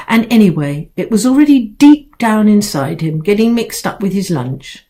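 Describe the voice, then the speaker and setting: An older woman, an author, reading her own children's book aloud in an expressive, playful way. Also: mid-range voice, moderate pace, few pauses.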